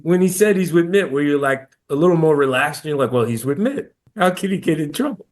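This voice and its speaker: Man, podcast co-host, teasing questions, a bit high-pitched. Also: lively intonation, a little fast. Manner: wisecracking, asks teasing questions. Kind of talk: casual banter.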